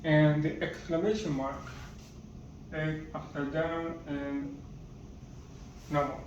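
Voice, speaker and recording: A man giving a casual vocabulary lesson, halting and searching for words as he lists them one by one. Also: a little high, fairly even intonation, darkish tone, slight background noise. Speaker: language teacher. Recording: echoey room, distant muffled mic.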